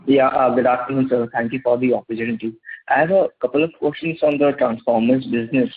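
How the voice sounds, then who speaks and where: A man's voice: mid-range voice, fairly even intonation, fast, husky. A man with an Indian English accent, politely asking an analyst's questions on an earnings call. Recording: tinny phone line.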